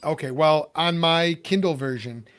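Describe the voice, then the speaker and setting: A man's voice: fairly high pitch, normal speed, a bit bright, a little hiss or hum. Chatty Chicago man hosting a podcast. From Chicago, USA. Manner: chatty, rambling with many fillers. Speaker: podcast host. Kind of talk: casual podcast interview.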